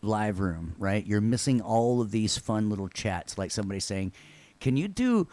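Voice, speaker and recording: A man's voice: fairly low pitch, fairly even intonation, normal speed, darkish tone, dry recording. A male instructor talks to his class over a live stream. He rambles casually, tosses in puns and laughs at his own jokes, then gets back to the rules of the assignment. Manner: jokey, chatty, tells puns. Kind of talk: online class lecture.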